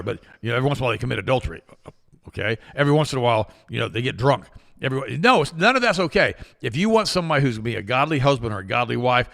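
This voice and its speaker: A man's voice: medium pitch, vocal fry. A man co-hosting a talk show, telling stories with acted-out quotes in opinionated casual talk. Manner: lively storyteller, acts out quoted voices, repeats himself.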